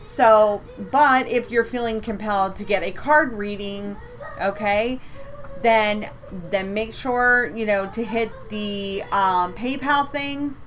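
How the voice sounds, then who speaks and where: A woman's voice: mid-range voice, takes it slowly, fairly bright tone, slight background noise. A woman co-hosting a live psychic reading stream from home, chatty and upbeat, repeating words for emphasis. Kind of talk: casual live-stream chat.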